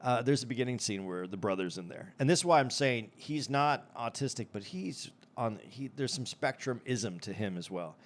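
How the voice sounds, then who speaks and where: A man's voice: mid-range voice, moderate pace, few pauses. A middle-aged man co-hosting a podcast, retelling movie scenes in casual chat, often repeating words as he restarts. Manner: animated storyteller, repeats words, acts out movie lines. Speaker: podcast co-host.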